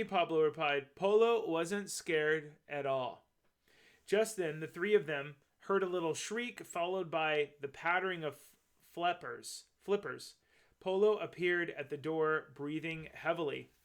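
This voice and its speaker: High-voiced man reading a storybook. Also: unhurried, fairly bright tone, smooth. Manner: chatty, points out details in the pictures. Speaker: storybook reader. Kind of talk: reading a picture book aloud.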